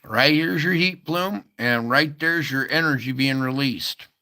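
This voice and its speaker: A man's voice: medium pitch, a little slow, sharp tone. A man hosting a casual earthquake update, thinking aloud over maps with many fillers and asides. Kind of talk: casual screen-share commentary.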